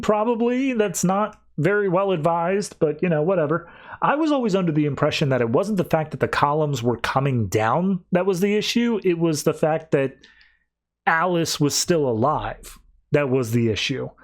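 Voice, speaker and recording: Rambling casual podcast guy. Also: on the high side. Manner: loose, rambling recap with many "like"s and restarts; paraphrases characters in his own voice, without doing accents. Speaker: podcast host reviewing comics. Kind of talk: casual comic review chat.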